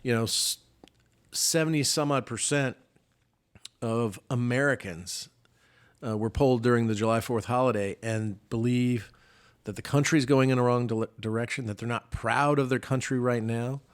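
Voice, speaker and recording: Male podcast co-host, mid-pitched, chatty, restarts sentences often. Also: moderate pace. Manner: conversational, with frequent restarts. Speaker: podcast co-host, former senator. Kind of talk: casual political talk.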